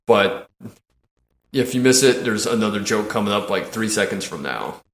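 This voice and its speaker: Animated man retelling movie scenes. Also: lowish voice, moderate pace, echoey room. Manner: animated retelling of scenes, laughs often, swears. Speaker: podcast host. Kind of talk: casual film discussion.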